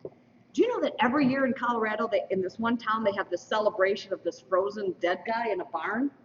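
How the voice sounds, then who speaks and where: Reading results at a school mock election, a woman announces lively to an audience in a school hall, slipping in playful trivia asides. She speaks at medium pitch and a little fast. The audio is a dull lo-fi stream recorded from afar in a roomy hall, with slight background noise.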